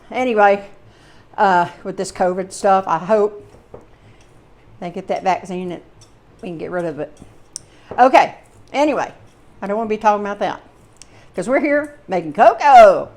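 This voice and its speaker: A woman's voice: mid-range voice, darkish tone. A woman with a Southern American accent hosting a casual home cooking demonstration in her kitchen, chatting with folksy, rambling asides. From Southern United States. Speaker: home cooking channel host.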